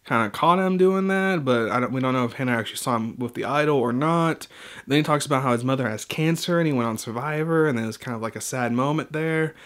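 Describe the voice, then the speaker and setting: A man recapping and reviewing a TV episode in a casual, heated style, swearing freely and imitating the people he talks about. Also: mid-range voice. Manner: animated mimicking of others.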